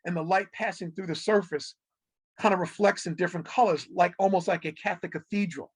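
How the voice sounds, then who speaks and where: A middle-aged man, a guest on an interview show, telling animated stories and acting out what people said, laughing often. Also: high voice, fairly quick, slightly rough. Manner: animated storyteller who acts out quotes, laughs often. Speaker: guest, television executive. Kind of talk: casual interview storytelling.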